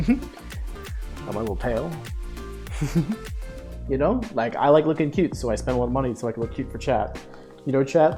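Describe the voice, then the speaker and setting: A young man streaming, telling a story to his chat in a casual, animated way, swearing and laughing. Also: medium pitch, moderate pace, pauses often, soft background music.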